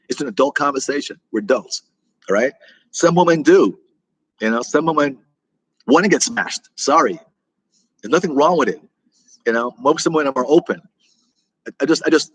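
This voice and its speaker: A man's voice: medium pitch, husky, poor audio. A middle-aged man from the United States hosting a casual live chat, rambling, repeating himself and answering viewer comments as they come in. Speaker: livestream host answering chat.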